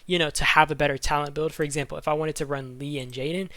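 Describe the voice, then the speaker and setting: A man's voice: fairly high pitch, fairly even intonation, fast, bright, forceful tone, no echo. A man giving casual game strategy commentary, rambling with lots of fillers and restarts, out of breath. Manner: rambling, filler-heavy, self-correcting. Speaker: gaming YouTuber.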